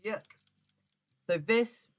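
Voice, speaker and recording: A man's voice: high-pitched, very slow. A man giving casual, rambling gameplay commentary as a gaming streamer, often correcting himself and stumbling over words. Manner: rambling, self-correcting, stammers when flustered.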